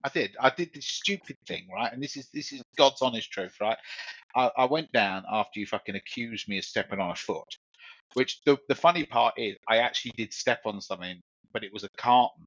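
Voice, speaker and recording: A podcast co-host with a mid-range, slightly bright voice tells a long story fairly quickly in a casual chat, rambling, swearing, and repeating himself. The recording is dry, with a dull lo-fi quality.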